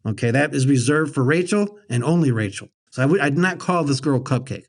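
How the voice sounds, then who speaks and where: A man's voice: medium pitch, lively intonation, a little fast. Brash, joking male podcast host. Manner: brash, joking, blunt storytelling. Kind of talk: casual podcast chat.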